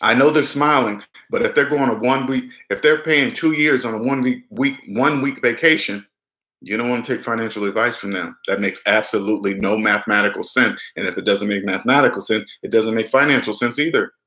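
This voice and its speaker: A man talks straight to his viewers about money in a blunt, insistent way and keeps circling back to his point. His voice is bright and forceful, and the room around him sounds echoey. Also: on the low side, fairly quick. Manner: emphatic, repetitive, acts out little dialogues. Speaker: personal finance vlogger. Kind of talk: casual direct-to-camera advice.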